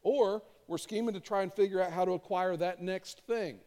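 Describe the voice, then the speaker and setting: A middle-aged man delivers a sermon from a church stage, earnest and conversational, leaning on repeated phrases. His voice is mellow and dark in tone yet pitched slightly high. The sound carries a long reverb from the large room. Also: normal speed. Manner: conversational, earnest, emphatic repetition. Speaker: pastor.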